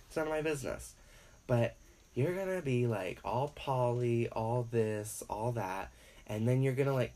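A man with a fairly low voice delivers a loose, profane opinion rant. He rambles from point to point and leans heavily on filler words as he talks alone to his audience. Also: a little mellow.

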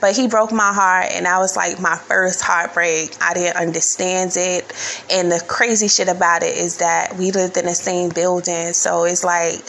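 A woman talks straight to camera in a casual storytime vlog. Her voice carries a gravelly fry, and faint noise sits under it. She rambles candidly, leaning on fillers and swearing freely. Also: on the low side, little pitch movement, normal speed, fairly bright tone, poor audio.

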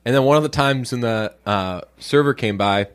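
A young man co-hosting a casual podcast chat, telling stories and quoting people in lively, jumping tones. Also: moderate pace, clean tone. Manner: animated storyteller, jumps pitch to quote people. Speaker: podcast co-host.

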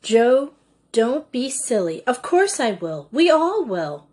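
A woman doing an eager excitable schoolgirl. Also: fairly high pitch, voice pushed up. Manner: eager, quick questions.

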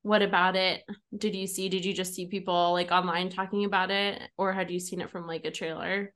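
This young woman's lowish, fairly bright voice moves quickly and stays level as she hosts a casual podcast chat with friends. She giggles, laughs a lot and fills her talk with "like."

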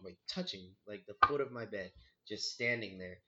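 A young man with a very bright, forceful voice tells a ghost story in casual chat. He curses freely and acts out his own panicked reactions. The sound is somewhat dull and lo-fi. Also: fairly low pitch, normal speed.

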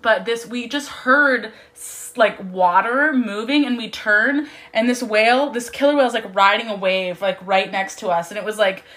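A woman with a high voice chats casually about her work on whale-watching boats. She talks in a gushing, excitable way, full of "like". Her tone is bright and crisp. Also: normal speed, hardly any pauses. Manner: excitable, gushing, heavy use of "like". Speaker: whale-watching boat crew. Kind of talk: casual chat.

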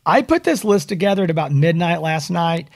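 Animated man with a slightly high voice. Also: brisk, vocal fry, no echo, studio quality. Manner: joking, animated explainer. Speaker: podcast co-host. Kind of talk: casual podcast chat.

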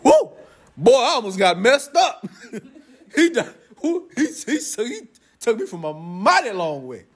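Lively, husky-voiced young preacher man. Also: high-pitched, unhurried. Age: young adult. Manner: loud and playful, joking with the congregation. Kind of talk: lively sermon to a congregation.

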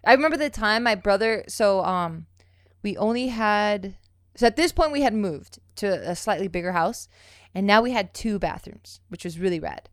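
Young woman co-host, mid-pitch, rambling and profane, dry sound. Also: expressive, normal speed, no room sound. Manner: loose, profane storytelling with many fillers. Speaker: podcast co-host. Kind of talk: casual chat.

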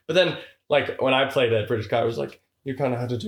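A man's voice: medium pitch, quick pace, few pauses, reverberant. A man co-hosting a casual movie review podcast, talking animatedly and slipping into mock voices. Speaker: podcast co-host.

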